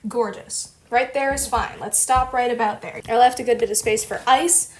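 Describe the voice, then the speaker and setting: Young woman, kinda high voice, chatty and gushy, casual home vlog, little bit of hiss. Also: steady tone, normal speed. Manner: chatty, playful and gushing. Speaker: vlogger.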